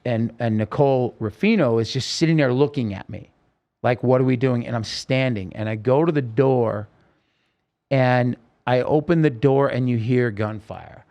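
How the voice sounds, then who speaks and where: A man's voice: medium pitch, moderate pace, darkish tone. A man telling his own story in an interview, in an urgent, vivid way, acting out what people said, with frequent restarts. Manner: vivid, urgent retelling with quoted speech and restarts. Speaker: podcast host telling his story as a guest.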